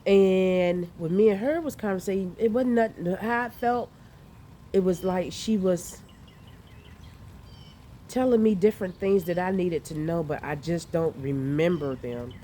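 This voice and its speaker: A woman with a slightly low, mellow voice tells a story casually outdoors. She talks in an animated way, swears freely and laughs often. Faint rain and outdoor sounds are heard in the background. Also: measured pace, a little hiss or hum. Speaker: vlogger recounting dreams. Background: rain and outdoor ambience.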